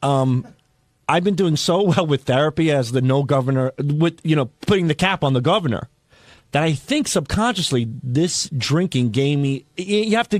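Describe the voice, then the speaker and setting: A high-pitched man spins long, rambling stories full of swearing, as a regular on a radio talk show. His voice is close and dry, recorded on a studio mic with no room sound. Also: no room sound. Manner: rambling, profane storytelling.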